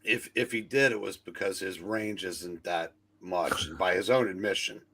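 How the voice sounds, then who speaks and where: Bright-toned man jumping into a chat. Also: sits low, moderate pace, slight background noise. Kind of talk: casual live stream chat.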